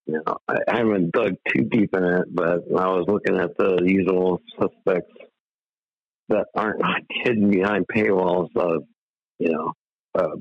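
Male caller, low gravelly voice, rambling and profane, dull lo-fi line. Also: no echo. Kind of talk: casual call-in talk.

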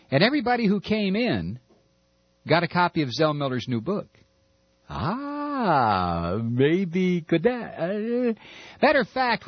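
A man's voice: a little high, husky, dry recording. Heated man on lo-fi radio. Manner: impassioned, stammering, sarcastic. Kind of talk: political rant monologue. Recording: dull lo-fi recording.

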